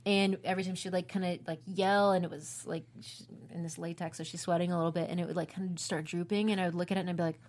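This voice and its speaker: Lowish-voiced woman, laughing chatty actress. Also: fast talker, few pauses, noisy background. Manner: laughs often, animated storytelling with acted quotes. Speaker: actress discussing her role. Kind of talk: casual chat.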